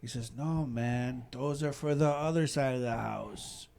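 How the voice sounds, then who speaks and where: A man's voice: mid-range voice, unhurried, creaky, a little mellow, a little hiss or hum. A middle-aged man with a Chicago accent hosting a casual podcast chat, telling long rambling stories and checking in with "you know what I mean". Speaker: podcast host.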